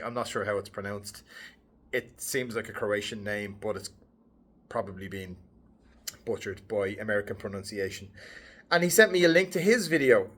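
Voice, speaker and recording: Man, casual vlog storytelling, lively swings in pitch, mid-range voice. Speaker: headshot photographer and vlogger.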